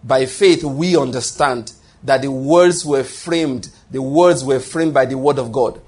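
A man delivers a sermon in a slightly husky, mid-range voice. He stresses key phrases by repeating them, breaks off and restarts sentences, and checks in with his listeners through rhetorical questions. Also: mid-range voice, measured pace, a little mellow. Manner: repetitive, emphatic, with frequent restarts and rhetorical questions. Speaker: pastor.

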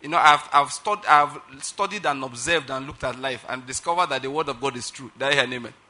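A man's voice: mid-range voice, brisk, bright, forceful tone. A middle-aged man preaching a sermon emphatically, often checking that listeners follow his point. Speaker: pastor.

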